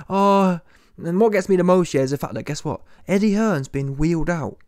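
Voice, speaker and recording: A man's voice: a little high, normal speed, darkish tone, no echo, studio quality. A young man, giving an exasperated, sarcastic reaction commentary straight to his viewers. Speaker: boxing commentator.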